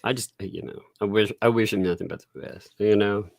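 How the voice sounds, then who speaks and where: A man's voice: lowish voice, steady tone, fairly quick, gravelly, dry recording. A man hosting a livestream, chatting casually in a loose, profane, rambling way and laughing often. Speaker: livestream host.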